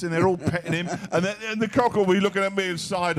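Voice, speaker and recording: A middle-aged man, a comedian guest on stage at a live event, telling long animated anecdotes and acting out other people's voices. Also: sits high, quick pace, hardly any pauses, crowd noise. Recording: echoey live stage sound.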